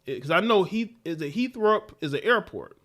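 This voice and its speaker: Animated man ranting on a livestream. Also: high-pitched, moderate pace. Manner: animated, repetitive ranting with laughs. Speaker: livestream host. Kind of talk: casual commentary livestream.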